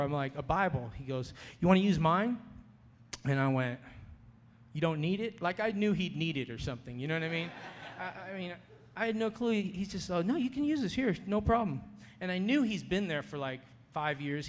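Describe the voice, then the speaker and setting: A man giving an animated personal testimony, storytelling and acting out the voices of people he quotes. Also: medium pitch. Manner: storytelling, acts out quoted voices, laughs often. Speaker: speaker sharing his testimony. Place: conference hall. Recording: long hall reverb.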